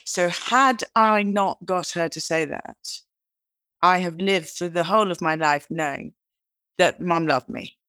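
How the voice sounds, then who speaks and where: Guest: British woman, lively raconteur, dry close sound. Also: lowish voice, a little slow, dry recording. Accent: British English. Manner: animated storyteller who acts out quoted lines; chatty, restarts and repeats words. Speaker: guest author. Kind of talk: interview conversation.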